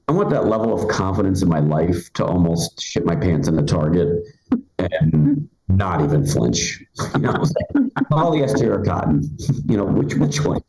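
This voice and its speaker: A man's voice: on the low side, lively intonation, moderate pace, warm tone, roomy sound, poor audio. A man in his forties doing a live stand-up set, chatty and rambling, full of fillers and restarts. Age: 40s. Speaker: stand-up comedian. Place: comedy club stage.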